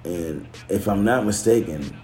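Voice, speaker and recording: A man's voice: fairly low pitch, lively intonation, a little slow, a little mellow, slight background noise. A man talking casually to camera, loose and slangy, swearing, restarting and correcting himself as he goes. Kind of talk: casual chat. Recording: echoey room.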